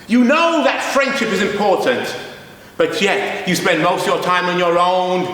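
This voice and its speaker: Man playing a wise old woman, slow and preachy, echoey room. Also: sits high, fairly bright tone, recorded from a distance. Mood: lecturing. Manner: slow, lecturing.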